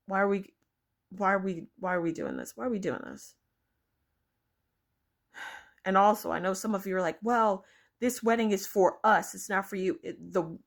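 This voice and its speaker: A young woman vlogging her opinions, blunt and exasperated, swearing freely as she rants to her viewers. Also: fairly low pitch. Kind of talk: opinion rant to camera.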